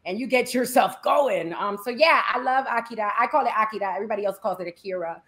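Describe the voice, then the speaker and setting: A woman with a non-native English accent, a panelist talking in a relaxed, laughing way on a casual game show. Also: on the high side, fast. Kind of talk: casual chat.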